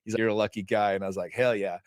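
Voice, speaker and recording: A man guesting on a podcast, speaking in a somewhat low voice. He tells stories in a casual, emphatic way, swears freely and acts out the dialogue. The sound is dry and close to the mic. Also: little pitch movement, very fast, dry recording. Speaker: podcast guest, author and men's group founder. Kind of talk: animated storytelling in conversation.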